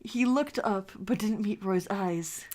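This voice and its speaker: A woman's voice: medium pitch, slow, a little mellow. A woman co-hosting a comedic fanfiction reading, laughing often and swearing casually between lines. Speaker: fanfiction reader, co-host.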